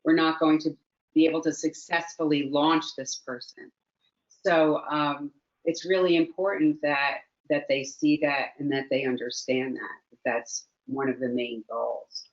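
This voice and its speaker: A woman's voice: deep voice, steady tone, measured pace, muffled recording. A woman mindfulness teacher, a guest in a conversational interview, speaking earnestly and reflectively and repeating phrases for emphasis.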